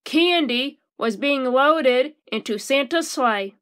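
A woman reading a children's storybook aloud, slow and expressive, like a teacher at story time. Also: high voice, smooth.

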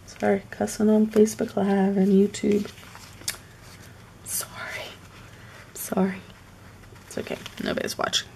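A woman's voice: medium pitch, gravelly, darkish tone, slight background noise. A woman chatting casually on a live stream while decorating a planner at home, often slipping into murmured, half-whispered asides to herself. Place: at home with her pets.

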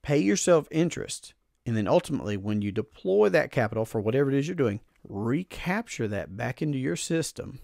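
A man's voice: medium pitch, very animated, brisk, gravelly, a little mellow, no echo, clean studio sound. A man hosting a podcast, explaining a finance idea in an earnest, emphatic way and often repeating his phrases. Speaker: podcast host.

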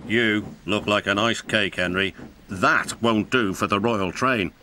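Guy doing a stern old-fashioned railway boss, formal, british, low, music underneath. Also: a little slow, sharp tone, slight background noise. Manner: formal, commanding.

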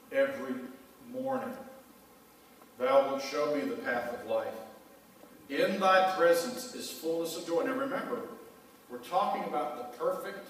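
A man's voice: medium pitch, a little hiss or hum. A male pastor preaching a conversational sermon in a church and calling out questions to the congregation. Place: church sanctuary. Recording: echoey church hall from far off.

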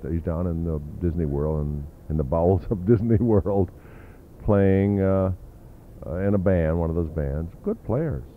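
Low-voiced older man reminiscing on tinny tape. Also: unhurried, slight background noise. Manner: rambling anecdotal storytelling with fillers. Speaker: interview guest, drummer. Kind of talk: reminiscing interview.

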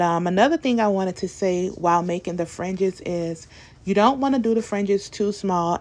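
A young woman talks through a home DIY project in a relaxed, chatty voice-over. Her voice sits a little low, and she speaks informally with plenty of fillers. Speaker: DIY video creator. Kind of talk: casual tutorial voice-over.

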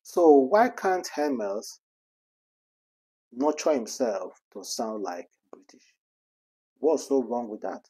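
Husky man, lively scolding commentary. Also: medium pitch, slow pace, pauses often. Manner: animated, scolding, rhetorical questions. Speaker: celebrity gossip vlogger. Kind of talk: gossip commentary.

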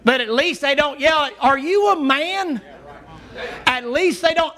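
A man, a pastor preaching a folksy, joking sermon that swings between loud and low. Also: a little slow.

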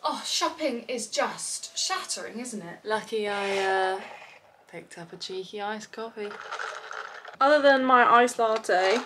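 A woman's voice: medium pitch, expressive, unhurried, background noise. A young woman chatting to camera in a casual vlog from a hotel room, bubbly and self-deprecating. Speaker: vlogger.

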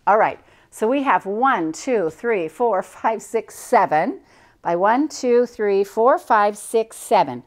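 Here a quilting instructor, an older woman from the US, speaks slowly at a medium pitch with lively intonation. Her step-by-step demonstration is cheerful and talkative, full of enthusiasm for the craft, with a sewing machine audible behind her.

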